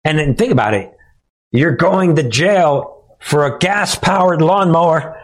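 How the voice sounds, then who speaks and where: A man's voice: medium pitch, expressive, moderate pace. A man hosting a political commentary monologue, talking in a chuckling, sarcastic, conversational way. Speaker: commentary show host.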